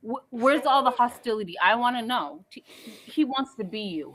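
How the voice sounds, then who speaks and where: A woman's voice: on the high side, expressive, moderate pace, a bit bright. A woman calling in to a recap show, fired up and scolding as she hands out advice. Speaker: caller. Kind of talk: opinionated call-in commentary.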